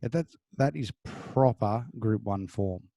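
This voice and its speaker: Low, mellow-voiced Australian man. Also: takes it slowly, vocal fry. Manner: laid-back, matter-of-fact form analysis with casual fillers. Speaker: podcast co-host. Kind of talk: casual horse racing tips chat.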